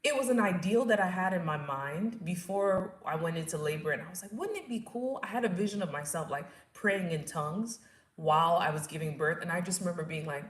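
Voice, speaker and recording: A young woman in her first years of motherhood, telling her own story in a casual, animated way and acting out what people said. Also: lowish voice, fairly quick. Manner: animated, acts out quotes and screams, laughs at herself. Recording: echoey room.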